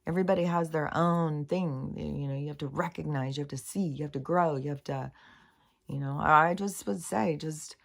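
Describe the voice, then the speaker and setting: A woman's voice: deep voice, normal speed, creaky. A middle-aged woman talking through a meandering spiritual monologue, earnest and casual, with swearing and many fillers. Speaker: spiritual vlogger.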